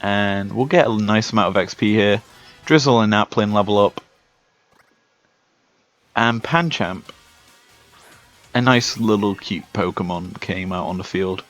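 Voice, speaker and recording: A young British man giving relaxed, chatty commentary while playing a video game. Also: on the low side. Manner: slow, laid-back, chatty. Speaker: Let's Play host. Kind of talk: casual gameplay commentary. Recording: dull lo-fi sound with faint music.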